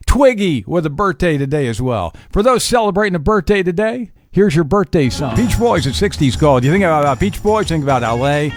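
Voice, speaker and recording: Chatty upbeat male radio DJ. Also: on the high side. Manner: chatty, upbeat, easily amused. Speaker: radio host. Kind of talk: oldies radio DJ chat. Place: radio studio.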